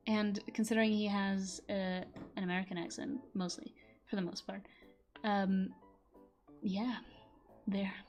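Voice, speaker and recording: A young voice actor, a woman whose first language is Portuguese, chats casually on a stream. She rambles, laughs often, and curses freely, her voice sitting in the mid range.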